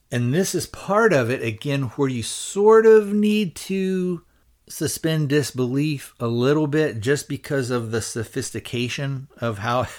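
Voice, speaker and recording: A man's voice: mid-range voice, darkish tone. A man hosting a podcast and recapping a film's plot in a loose, rambling way, hedging and restarting as he searches for words. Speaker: podcast host reviewing a film. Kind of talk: casual spoken film recap.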